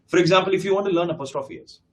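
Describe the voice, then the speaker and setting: A man's voice: high-pitched, racing. A man teaching a live test-prep class, addressing his students directly and repeating key points with emphasis.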